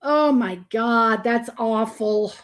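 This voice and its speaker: Woman, live-stream host, blunt, swears often, groans in disgust, slightly high voice, unhurried. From Florida. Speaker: livestream host. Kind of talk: live reaction stream, chatting with viewers. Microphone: streaming microphone.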